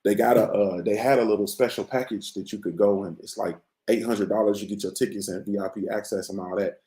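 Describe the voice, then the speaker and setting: Male show host, low and gravelly, relaxed and rambling, recorded at home on a computer mic in an echoey room. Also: brisk. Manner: laid-back, rambling, slangy. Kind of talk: casual morning-show chat.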